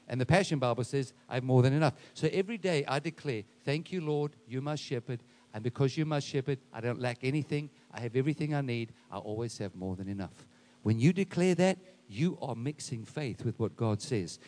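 A male pastor preaching a sermon, reading scripture and leading the congregation in spoken declarations that build from quiet to loud, slow and emphatic. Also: mid-range voice. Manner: leads congregation in call-and-response declarations, slowing and rising to shouts.

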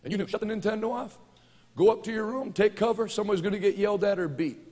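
A man preaching a fervent sermon, moving between quiet storytelling and loud, rousing declarations. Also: high voice, fast. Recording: church hall reverb.

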